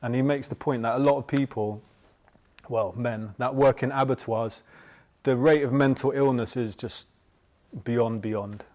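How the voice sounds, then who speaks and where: A man in a middle pitch gives a relaxed Buddhist teaching. He talks in a loose, rambling way, restarts often, and keeps checking in with the listeners. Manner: chatty, tags points with "yeah?". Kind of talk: informal dharma talk.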